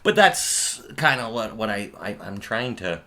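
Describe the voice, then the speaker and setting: Animated middle-aged co-host, low voice with big swings, casual chat. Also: male voice, measured pace. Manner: animated and lively. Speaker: podcast co-host.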